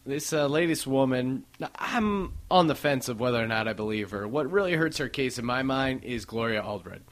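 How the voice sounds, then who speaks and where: A man hosting a casual comedy podcast, joking with quick asides and laughing often. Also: medium pitch, lively intonation. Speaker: podcast host.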